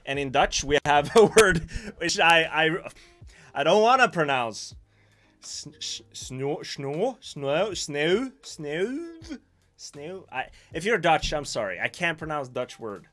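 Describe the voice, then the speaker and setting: A man's voice: a little high, animated, a little slow, a bit bright, faint music behind. A man with a Swedish accent, a native Swedish speaker, hosting a casual livestream and musing aloud in a self-mocking way while reading from the chat. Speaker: livestream host.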